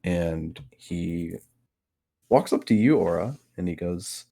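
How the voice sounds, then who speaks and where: A man narrating a tabletop game as game master, slow and halting, with many fillers. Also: low voice, gravelly, mellow.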